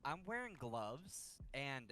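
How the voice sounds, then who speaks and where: A man playing in a tabletop game who talks excitably and often stammers when he gets flustered. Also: mid-range voice, slow, over a noisy crowd. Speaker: player. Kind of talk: tabletop role-play banter.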